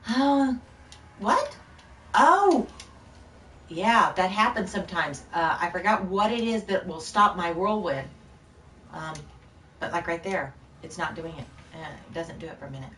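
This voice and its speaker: A woman's voice: lowish voice, moderate pace, pushed and bright, roomy sound, distant mic, slight background noise. A woman streaming a game live, chatting loosely with viewers in a scattered, rambling way, short on sleep. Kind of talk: casual live-stream chat while gaming.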